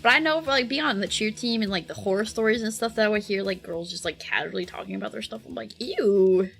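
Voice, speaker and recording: A woman's voice: medium pitch, fast talker, gravelly, sharp tone, faint music behind, poor audio. A young woman streaming while she draws, chatting casually with lots of fillers, giggles and squealed reactions. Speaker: art streamer. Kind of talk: casual chat while drawing.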